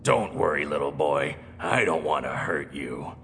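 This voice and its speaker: A man voicing a bear in a low, growly voice, as an example in a storytelling lesson. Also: lively intonation, measured pace, a bit bright, in a large hall, slight background noise, heavily acted. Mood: calm.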